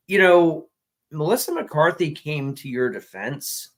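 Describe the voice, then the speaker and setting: On a rough recording, a man with a high-sitting, somewhat bright voice speaks a little slowly with lively intonation. He's co-hosting a casual commentary show, ranting in an exasperated, foul-mouthed way and restarting often.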